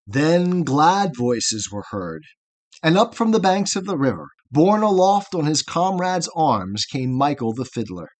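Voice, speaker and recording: A man reads a long narrative poem aloud as a podcast host. His voice sits slightly high for a man, and his reading keeps a measured, rhythmic cadence. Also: very animated. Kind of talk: poetry reading.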